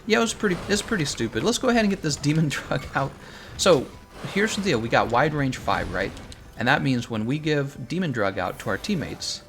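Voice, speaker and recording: Animated man chatting on a game stream. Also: medium pitch. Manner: animated, opinionated, laughs often. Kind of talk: casual livestream chat while playing.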